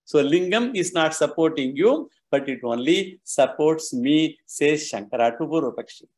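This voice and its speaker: A man's voice: a little high, animated, normal speed, darkish tone. A man giving a scripture lecture, explaining step by step with patient, repetitive phrasing and frequent restarts. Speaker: scripture teacher.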